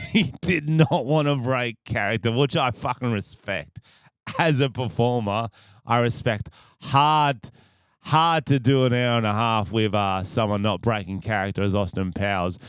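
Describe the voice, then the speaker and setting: A man's voice: lowish voice, unhurried, fairly bright tone, clear, resonant tone, no echo, clean studio sound. A man with an Australian accent hosting a podcast, telling stories casually, profane and rambling, laughing at his own jokes. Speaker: podcast host.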